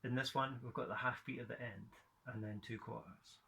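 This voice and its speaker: A man's voice: medium pitch, steady tone, brisk, gravelly, sharp tone. A man from Scotland teaching a guitar rhythm lesson, counting in and chanting rhythm words in time.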